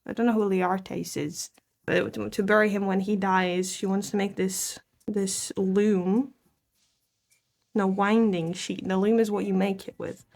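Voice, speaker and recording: A woman's voice: medium pitch, flat delivery, measured pace, gravelly, a little mellow. Rambling, self-deprecating woman vlogger. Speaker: vlogger summarizing a book. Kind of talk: casual chat.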